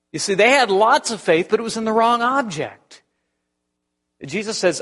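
A man's voice: high-pitched, expressive, moderate pace, a bit bright. A male pastor preaching a sermon in a conversational way, restarting phrases and firing rhetorical questions. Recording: long hall reverb.

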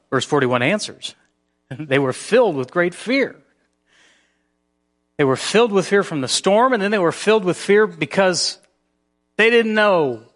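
A man preaching a sermon as pastor. His delivery shifts between hushed, near-whispered passages and emphatic, rising peaks. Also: mid-range voice.

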